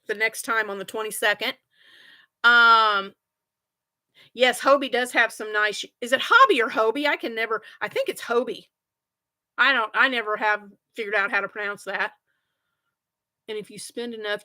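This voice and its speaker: Bright-voiced chatty woman host. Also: on the high side, fairly even intonation, normal speed. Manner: chatty, rambling, laughs often. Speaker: crochet channel host. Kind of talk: casual livestream chat with viewers.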